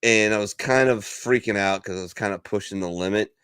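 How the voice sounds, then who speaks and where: Profane, low-voiced male storyteller. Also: a little fast, a bit bright, clean tone, no room sound, clean studio sound. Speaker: podcast co-host. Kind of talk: casual banter and storytelling.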